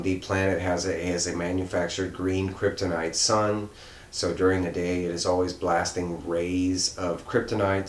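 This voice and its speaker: A very low-pitched man talks through a comic book review in a loose, rambling way, full of fillers and restarts. His voice stays flat and level, and it carries a roomy echo with faint noise behind it. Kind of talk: casual unscripted review.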